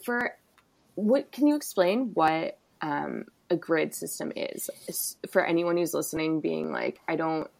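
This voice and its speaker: Podcast host, woman, low and creaky, asks curious follow-ups. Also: unhurried, darkish tone. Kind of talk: conversational podcast interview.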